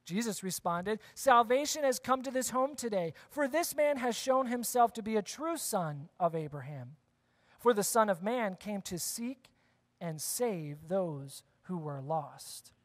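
An animated pastor with an extremely high voice preaches at normal speed in a church sanctuary. He talks conversationally, repeats key phrases, and puts questions to the congregation, his words trailing into long hall reverb.

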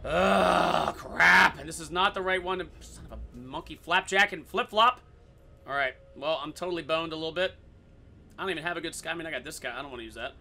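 A man giving goofy, excitable commentary over his own gameplay, swearing in silly made-up phrases. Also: fairly high pitch, fast talker, slight background noise.

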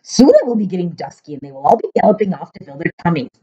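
A woman's voice: fairly low pitch, sing-song, very fast, dark tone, husky. A woman doing a big friendly giant with muddled grammar. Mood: gleeful. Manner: jumbled ungrammatical speech. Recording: dull lo-fi recording.

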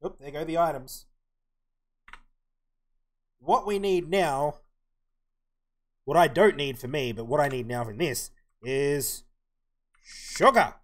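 A man's voice: on the high side, takes it slowly, long pauses. Man thinking aloud while gaming. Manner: mumbling to himself, thinking aloud. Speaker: streamer. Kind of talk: casual live-stream commentary while playing.

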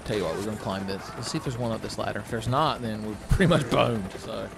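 A man giving casual, profane, joking commentary over his own gameplay, rambling and breaking into loud exclamations. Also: fairly low pitch, fast talker, gravelly, background noise. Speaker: let's play commentator. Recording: game music behind the voice.

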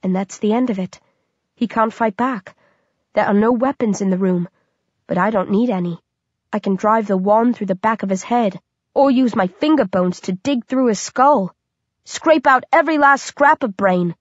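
Woman, audiobook narrator, first-person horror, dramatic expressive reading, dull lo-fi recording. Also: mid-range voice, moderate pace, husky, no echo.

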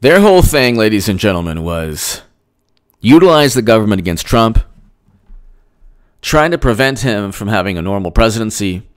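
A man's voice: lowish voice, sing-song, moderate pace, pauses often, clean tone. A man doing solo political commentary, ranting and sarcastic, mocking people in put-on voices.

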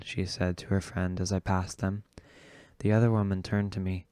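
Man, audiobook narration, deep voice, smooth, dry close sound. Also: flat delivery, moderate pace, a little mellow, no room sound. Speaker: audiobook reader.

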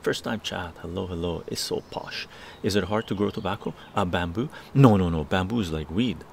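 Gravelly-voiced man chatting on a patio. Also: low-pitched, a little fast, slight background noise. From Canada. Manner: rambling, tag questions like "right?". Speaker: live stream host. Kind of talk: casual chat. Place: outdoor patio garden.

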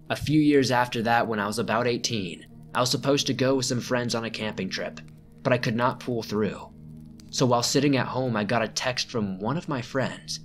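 A man reading out a first-person scary camping story as a narrator, measured and slowing down at the tense moments. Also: medium pitch, a bit bright. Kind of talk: scripted narration.

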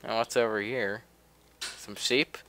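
A man's voice: fairly low pitch, steady tone, a little slow, pushed and bright. A young man giving casual, chatty commentary while playing a game, often grumbling offhandedly. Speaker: gameplay commentator. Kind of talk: casual let's play commentary. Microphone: desk mic.

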